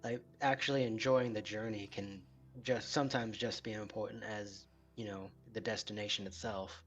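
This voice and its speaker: A man's voice: on the low side, steady tone, moderate pace, faint music behind. A man playing a tabletop game, hesitant and stumbling over his words. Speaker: player. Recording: dull lo-fi mic.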